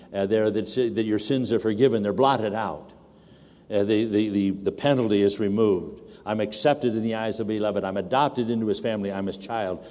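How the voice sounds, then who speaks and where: An older man with a mellow, mid-range voice preaches in a large conference hall, his words trailing into long reverb. When he mimics a demanding baby, he becomes animated and raises his voice.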